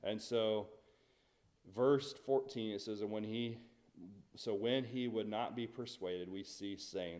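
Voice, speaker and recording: A man's voice: fairly low pitch, steady tone, takes it slowly, darkish tone. A man teaching a Bible study in a church, talking conversationally and asking the class questions.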